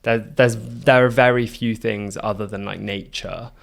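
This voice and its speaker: A man's voice: on the low side, steady tone, unhurried, creaky. A man co-hosting a design podcast, chatting casually with many fillers. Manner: chatty, filler-heavy with frequent "like". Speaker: podcast co-host. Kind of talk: casual chat.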